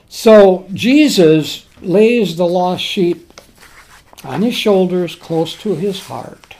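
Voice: medium pitch, expressive, slow, warm tone. A preacher delivering a sermon on a parable in a folksy, conversational way, repeating key words for emphasis.

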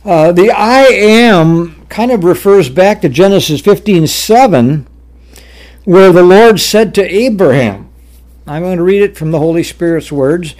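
A male preacher delivers a teaching sermon, reading scripture aloud and unpacking it point by point. His voice sits slightly high and he takes his time, with fillers and small restarts along the way. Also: unhurried, darkish tone.

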